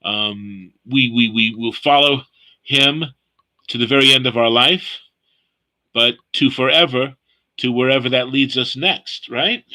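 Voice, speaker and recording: Man teaching scripture, very bright voice, repeats phrases, slow explanations. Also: medium pitch, low-quality recording. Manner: explains word meanings slowly, repeating phrases. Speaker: Bible study leader. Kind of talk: teaching a scripture study session.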